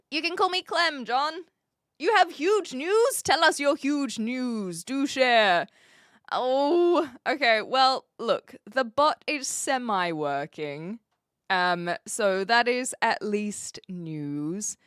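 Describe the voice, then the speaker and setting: A woman's voice: mid-range voice, fairly bright tone, clear, resonant tone, no room sound, clean studio sound. A woman from New Zealand with a mixed New Zealand, Australian and American accent, chatting casually and giggly as a live streamer with lots of fillers. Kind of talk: casual chat.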